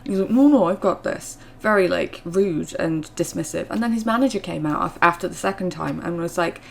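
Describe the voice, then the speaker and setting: A woman's voice: on the low side, fairly quick, vocal fry, slight background noise. A young woman, chatting through a storytime vlog with lots of fillers, her voice rising when she gets indignant. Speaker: vlogger.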